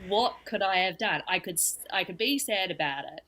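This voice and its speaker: A woman's voice: medium pitch, expressive, normal speed, pushed and bright. A young adult woman, a guest telling her story candidly and with humour in a casual podcast chat. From New Zealand.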